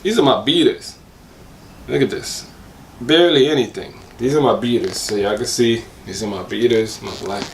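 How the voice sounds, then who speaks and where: A hoarse man chats through a sneaker review with a lot of slang and eager rambling. His voice cracks now and then. He sits back from the mic in an echoey room with clear noise behind him. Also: lowish voice, distant mic.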